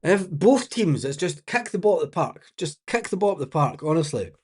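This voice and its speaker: A man's voice: a little high, big pitch swings, moderate pace, husky. A man giving blunt, exasperated live match commentary as a watch-along host, swearing freely and laughing often.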